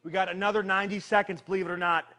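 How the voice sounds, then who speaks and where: Man, fitness trainer, high voice, energetic, joking, strained from exercising, counts reps. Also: very fast. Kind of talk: live workout coaching.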